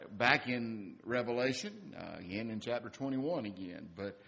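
A man's voice: mid-range voice, fairly bright tone. A male pastor preaching a sermon and reading scripture aloud, building in volume on key phrases. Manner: slow, deliberate delivery that swells in volume on key phrases.

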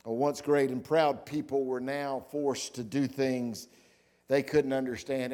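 A middle-aged man preaching a sermon, telling stories and swinging from loud declarations to hushed asides. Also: medium pitch. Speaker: pastor.

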